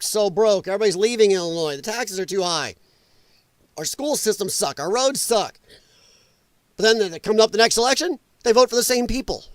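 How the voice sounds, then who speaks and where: The political livestream host keeps going in his laid-back commentary mode, sarcastic and meandering, broadcasting from his home. His voice sits high, with no room sound around it.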